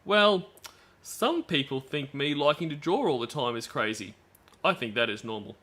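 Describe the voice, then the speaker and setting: A man voicing a chirpy young girl chatting online, with high gushing exclamations. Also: animated, normal speed, bright, forceful tone.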